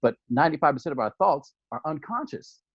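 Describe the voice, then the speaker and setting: A man with a gravelly, raspy voice joins the podcast as a guest who coaches youth. His sound is dull and dry, and he talks earnestly, stumbling over repeated words. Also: a little high, very animated, fast talker, no echo. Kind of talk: conversational podcast talk.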